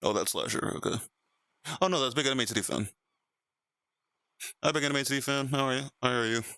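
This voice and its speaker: A young man streaming in VR, chatting casually with viewers, animated and laughing often. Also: mid-range voice, fast talker, clean tone, dry recording, clean studio sound. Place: VR chat stream at home.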